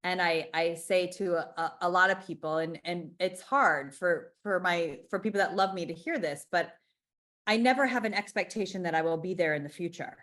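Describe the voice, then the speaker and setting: A woman's voice: lowish voice, normal speed, a bit bright. Frank, emphatic woman in her forties. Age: 40s. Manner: frank and emphatic, restarts often, swears. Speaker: interview guest, business founder. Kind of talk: candid conversational interview.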